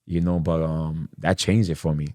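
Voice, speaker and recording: A man from Miami telling a profane, animated story from his past in casual conversation. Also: very deep voice, moderate pace. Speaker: guest.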